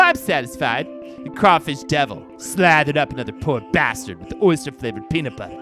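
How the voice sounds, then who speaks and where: Man playing a film director, crude, arrogant, sneering, high voice, lively pitch.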